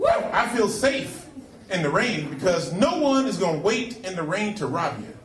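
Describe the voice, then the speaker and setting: A man doing a stand-up routine, telling animated stories and slipping into celebrity voices. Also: high voice, normal speed. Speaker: stand-up comedian. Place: comedy club stage. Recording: roomy club sound from a distant mic, crowd laughter and noise.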